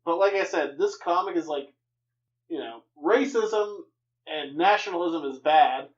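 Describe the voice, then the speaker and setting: A man's voice: on the high side, a little slow, lo-fi sound. A young man co-hosting a comics podcast, chatting casually with dry, wry jokes. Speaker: podcast co-host.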